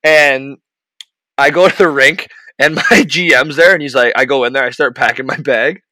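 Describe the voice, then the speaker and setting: A young man telling an animated, profane story about his hockey days in casual chat. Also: mid-range voice, moderate pace, no echo. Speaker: podcast host, former hockey goalie.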